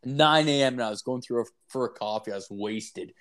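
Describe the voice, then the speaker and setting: A man's voice: medium pitch, fairly quick, fairly bright tone. A young man, co-hosting a podcast and telling crude, rambling stories full of swearing and fillers. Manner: profane, rambling, lots of fillers. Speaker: podcast co-host. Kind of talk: crude casual storytelling.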